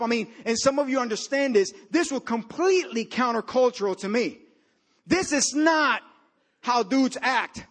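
A man with a high voice delivers a sermon as a storytelling preacher. He moves between loud, emphatic bursts and low, hushed stretches. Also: animated, normal speed. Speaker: pastor.

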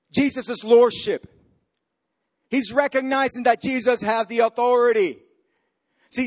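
A man preaching a sermon as pastor, swinging from loud, rising peaks to hushed, quiet lines. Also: extremely high pitch.

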